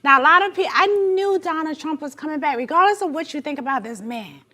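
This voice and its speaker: Squeaky high Jamaican woman. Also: animated, fast talker, bright, forceful tone. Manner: outspoken, emphatic. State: strained voice from throat trouble. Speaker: talk show co-host. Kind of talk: casual chat.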